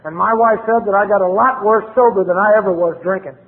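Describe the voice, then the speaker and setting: High-voiced guy, blunt and folksy, sounds tinny like a phone line, big echoey hall. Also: fast talker. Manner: blunt, plain-spoken and colloquial. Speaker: speaker sharing his recovery story. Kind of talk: recovery meeting talk. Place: meeting hall. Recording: tinny lo-fi recording in a reverberant hall.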